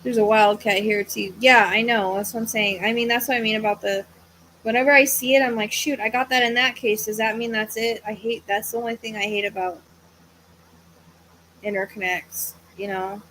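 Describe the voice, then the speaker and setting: A woman's voice: on the high side, fairly even intonation, normal speed, a bit bright, slight background noise, poor audio. A woman hosting a live psychic reading, thinking aloud in a hesitant, searching way and sounding tired. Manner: hesitant, searching, trailing off into self-corrections. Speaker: psychic medium host.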